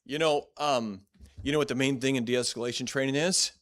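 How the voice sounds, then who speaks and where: A man's voice: medium pitch, fairly even intonation, a little fast. A man teaching a church Bible class in a blunt, direct, conversational way, often restarting and repeating words.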